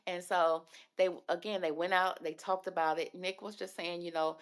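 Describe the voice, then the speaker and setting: A woman's voice: lowish voice, level tone, normal speed, clean tone. A woman hosting a casual reality TV recap, chatty and gossipy, calling listeners "baby" and acting out the people she discusses. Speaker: reality TV commentary host.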